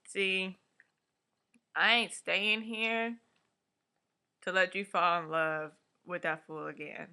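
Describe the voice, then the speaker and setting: A woman's voice: lowish voice, steady tone, slow pace, pauses often, pushed and bright, clear, resonant tone, exaggerated voice. A woman doing an indignant, jealous young man. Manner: slangy, indignant.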